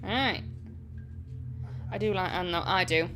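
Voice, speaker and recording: A woman's voice: on the low side, slow, a bit bright. A woman with a Derbyshire-Yorkshire border accent, chatting casually and self-mockingly while streaming a game, swearing now and then. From Chesterfield, England. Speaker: gaming streamer. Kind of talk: casual let's-play chat. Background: game music.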